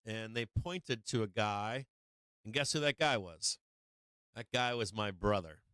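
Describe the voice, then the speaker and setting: A man on a live stream spins a long personal story, full of ums, restarts and casual swearing. His voice sits low and sounds smooth and resonant. The sound is dry, with no room around it. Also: animated, unhurried, fairly bright tone, dry recording. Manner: rambling with many fillers, profanity and laughter. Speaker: host of a stock market live stream.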